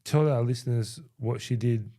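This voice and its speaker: A man's voice: mid-range voice, normal speed, mellow. An Australian man in his fifties co-hosting a podcast, teasing and chiming in during casual chat. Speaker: podcast co-host.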